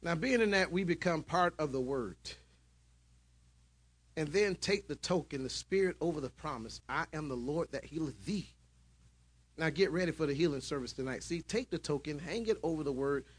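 A man preaching a sermon in church, shouting at his peaks and dropping into calmer storytelling. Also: on the high side, normal speed, breathy edge.

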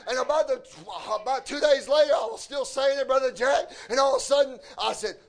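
High-voiced man shouting a fervent sermon. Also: brisk, few pauses. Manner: fervent, shouting, sing-song preaching. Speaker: preacher.

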